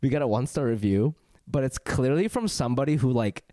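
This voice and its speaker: A man's voice: mid-range voice, animated, fast, dark tone, no room sound, clean studio sound. A man hosting a comedic podcast, joking and rambling, often breaking into laughter. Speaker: podcast host. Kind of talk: casual comedic podcast chat.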